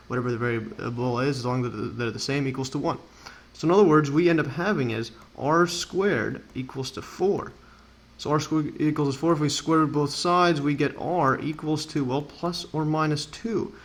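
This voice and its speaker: A man with a gravelly, fry-edged voice walks through a math lesson step by step. He thinks aloud as he writes, with plenty of "uh"s and quick self-corrections, pitched right in the middle of the male range. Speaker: math tutor.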